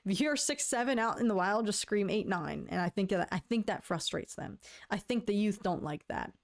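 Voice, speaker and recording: A woman's voice: medium pitch, brisk. A woman hosting a casual livestream, talking to her viewers in a rambling way, stammering into restarts and playfully lamenting in a mock-dramatic tone. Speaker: livestream host.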